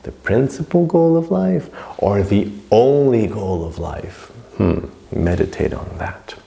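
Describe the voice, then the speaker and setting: A man teaching a scripture class in an informal lecture, emphatic and repetitive, sometimes dropping to a soft hush. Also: fairly low pitch, sing-song, slow, gravelly.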